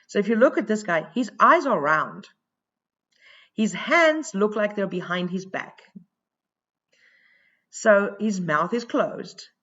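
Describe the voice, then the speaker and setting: Thinking aloud with plenty of "um"s, this woman teacher moves slowly through a recorded lesson. She speaks at an average pitch with a fairly bright tone, though the recording itself comes across as a little dull and low-fidelity.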